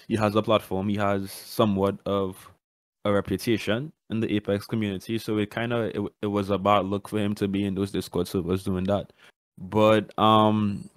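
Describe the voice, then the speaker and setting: Low-voiced man, hedging podcast opinions. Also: dry recording. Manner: hedging, repeats "I feel like", restarts often. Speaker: podcast co-host. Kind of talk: casual podcast discussion.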